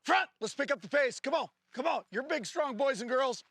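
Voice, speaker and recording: A man with a strikingly high, bright and forceful voice runs a firearms training class. He explains drills in a loose, joking way, then snaps out short commands to the shooters. The sound is dry and close. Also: brisk, no room sound. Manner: barks short range commands, jokes between drills. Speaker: firearms instructor. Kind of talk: live training-class instruction.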